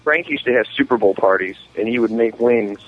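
Among friends in a casual chat, a man rambles through long, profane party stories, acting out other people's lines in animated voices. His mid-range voice runs a little fast over soft background music, captured in a muffled lo-fi recording with faint hiss.

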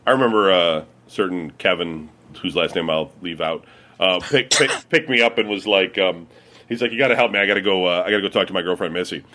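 A man's voice: low voice, a little fast. A man with a Midwestern American accent telling rambling, profane stories to friends, laughing and acting out the people in them. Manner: swearing, laughing storyteller with lively quoted voices. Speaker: podcast regular. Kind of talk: casual storytelling among friends.

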